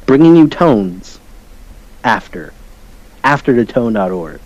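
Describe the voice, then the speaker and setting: Goofy co-host on a dull lo-fi line. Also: male voice, mid-range voice, sing-song, slow pace, darkish tone, no room sound. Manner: goofy, keeps repeating a slogan. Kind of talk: casual chat, joking plugs. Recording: dull lo-fi sound.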